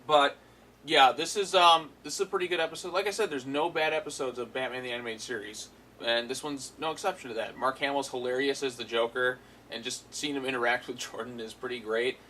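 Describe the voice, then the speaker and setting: A man's voice: mid-range voice, steady tone, brisk, pushed and bright, slight background noise, poor audio. A man giving a casual, rambling review of a cartoon episode, full of fillers and amused asides.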